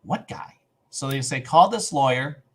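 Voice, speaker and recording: He's a middle-aged podcast co-host in casual storytelling mode, recounting a long personal tale and doing the voices of the people in it. The delivery is animated but unhurried, in a mid-range voice.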